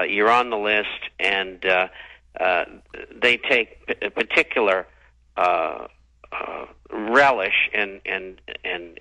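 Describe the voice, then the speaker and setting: Halting low-voiced male radio guest. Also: sharp tone, low-quality recording. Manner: halting, lots of uhs and restarts. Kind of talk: talk radio interview.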